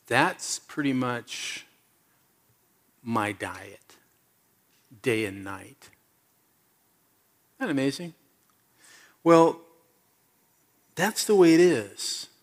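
A middle-aged man preaching a sermon, telling personal stories, moving from loud animated moments to soft low asides. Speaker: pastor.

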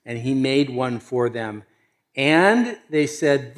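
A man preaching a sermon and reading scripture aloud, swinging between loud emphasis and hushed asides. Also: mid-range voice, lively intonation, slow. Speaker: pastor.

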